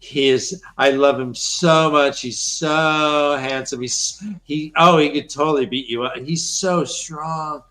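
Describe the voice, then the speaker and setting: A man's voice: a little high, fairly even intonation, takes it slowly, hardly any pauses, fairly bright tone. A captive noblewoman, as a man plays her, swooning and gushing in an over-the-top mock voice. The parody is spoken without much disguise. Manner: exaggerated gushing, breathy swooning.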